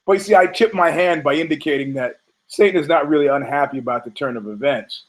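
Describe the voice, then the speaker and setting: A man's voice: on the high side, fast, poor audio. A man hosting a podcast, delivering a rambling, profane comedic monologue and acting out quoted characters in funny voices. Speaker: podcast host.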